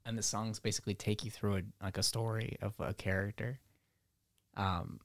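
A man's voice: fairly low pitch, flat delivery, normal speed, no echo, studio quality. Rambling, loose-talking podcast host man. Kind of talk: casual podcast chat. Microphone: podcast mic.

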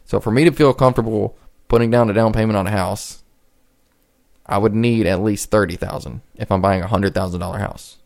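A man's voice: on the low side, fairly even intonation, brisk, vocal fry, darkish tone. A man in his twenties hosting a solo podcast, talking casually and rambling with frequent restarts. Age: 20s. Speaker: podcast host.

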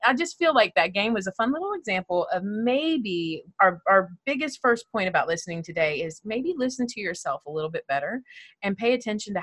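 A woman hosting a casual chat show, running a silly party game, giggly and animated. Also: lowish voice, dry recording. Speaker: host.

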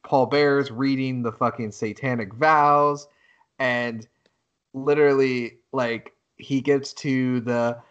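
A man co-hosting a laid-back podcast, mid-pitched and lively. He tells stories with rising excitement, swears freely and breaks into laughter. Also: slow, clear, resonant tone, lo-fi sound. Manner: animated storytelling, heavy swearing, bursts of laughter. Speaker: podcast co-host. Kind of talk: casual podcast chat.

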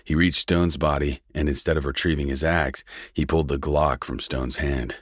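A man narrating a western story in a steady, measured reading. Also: a bass voice, no echo, clean studio sound. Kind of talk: scripted audiobook narration.

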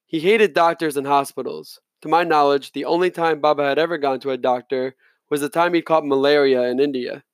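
A male reader narrating a novel in the first person, his voice sitting slightly high for a man. He reads plainly, now and then stumbling and restarting a word. The recording is dry and close. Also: fairly even intonation, brisk, dry recording. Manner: plain reading with occasional slips and restarts. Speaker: audiobook reader.

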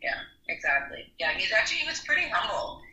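A woman's voice: medium pitch, very animated, quick pace, pushed and bright, highs cut off. A middle-aged woman, a podcast guest speaking earnestly and reflectively. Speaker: guest, a bereaved mother. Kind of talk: interview conversation. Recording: roomy echo.

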